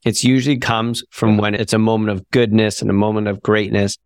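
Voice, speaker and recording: A man's voice: fairly low pitch, flat delivery, a little fast, clear, resonant tone, no echo, clean studio sound. A man hosting a podcast who asks questions in an enthusiastic, encouraging way. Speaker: podcast host. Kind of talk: casual interview chat.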